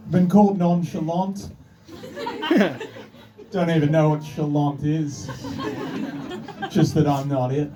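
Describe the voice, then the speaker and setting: A man's voice: on the high side, steady tone, slow, pauses often, a crowd in the background. An Australian man with an Australian accent performing a stand-up comedy set in a dry, self-deprecating way. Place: comedy club stage. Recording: distant club recording with room noise.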